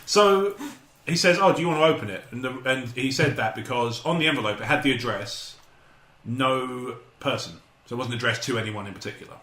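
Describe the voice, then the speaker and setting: A man's voice: mid-range voice, a little fast, sharp tone. A man hosting a podcast, telling a rambling story with jokes and frequent laughter. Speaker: podcast host. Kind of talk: casual chat. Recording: echoey room, faint noise.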